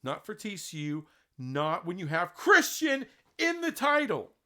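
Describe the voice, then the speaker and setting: A man's voice: sits high, wildly swooping pitch, a little slow, pushed and bright. A man giving opinionated solo commentary on college sports, emphatic and indignant, full of rhetorical questions. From Texas.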